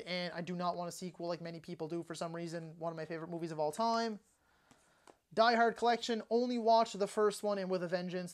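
A young man talking casually and enthusiastically through his movie collection, tossing out quick opinions and asides. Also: sits high. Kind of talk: casual home video walkthrough.

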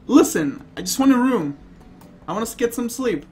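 A man giving playful, excitable let's play commentary and often bursting into laughter. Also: very high-pitched, moderate pace, soft background music. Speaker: gaming YouTuber.

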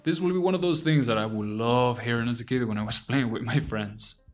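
A man narrating a language lesson, repeating phrases slowly and deliberately. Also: mid-range voice. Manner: slow, deliberate repetition of phrases. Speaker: language teacher.

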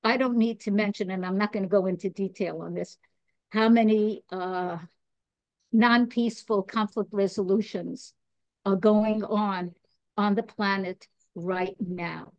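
Woman, from New York, podcast guest, chatty, digressive, earnest, mid pitch, dry recording. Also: fairly even intonation, a little slow, no echo, highs cut off. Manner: chatty, digressive, self-laughing, earnest about spiritual growth. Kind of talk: casual chat.

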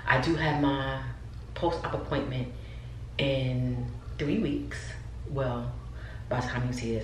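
A woman with an extremely low, steady voice talks slowly to her viewers in a casual home vlog shot in an upstairs room. The recording has a roomy echo from the distant mic and some faint background noise.

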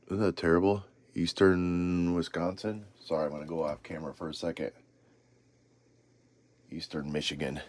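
A man's voice: low-pitched, level tone, normal speed, a little mellow. A man hosting a casual card-opening video, reading off names with rambling asides. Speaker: trading card channel host.

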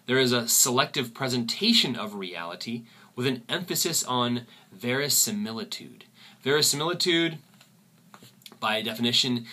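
A man teaching a literature lesson, often pausing and repeating words as he thinks. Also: medium pitch, expressive, sharp tone. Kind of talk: recorded lecture.

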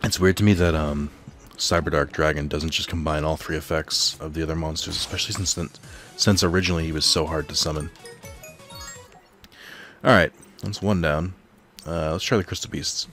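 A man's voice: rumbling low, fairly even intonation, moderate pace, fairly bright tone, soft background music. A man thinking aloud while he plays a card game at home, rambling and reading out card text in casual commentary. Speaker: let's play host. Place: home apartment.

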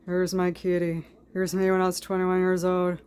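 Woman doing a goofy cartoon man, deadpan, flat, awkward intros. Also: lowish voice, normal speed, clean tone, natural voice. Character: goofy adult male cartoon cat owner.

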